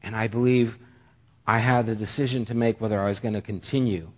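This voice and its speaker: A middle-aged man preaching a sermon, telling a personal story in an earnest, halting way with frequent restarts. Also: on the low side, steady tone.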